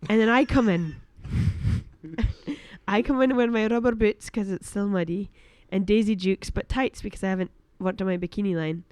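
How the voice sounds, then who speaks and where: A woman's voice: mid-range voice, darkish tone, dry recording. Giggly woman improvising a skit. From Shetland. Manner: rambling, self-mocking, giggly. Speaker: comedian guest. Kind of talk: improvised comic storytelling.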